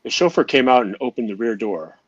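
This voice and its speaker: Guy reading out an audio drama, steady pace w a few restarts, dull lo-fi dry sound. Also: medium pitch, fairly quick, slightly rough, no echo. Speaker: narrator. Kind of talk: amateur audio drama narration.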